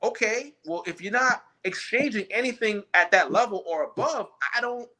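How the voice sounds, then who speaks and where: A man's voice: high voice, normal speed, pushed and bright. A man talking in a casual, opinionated chat, emphatic and rambling, often restarting his sentences.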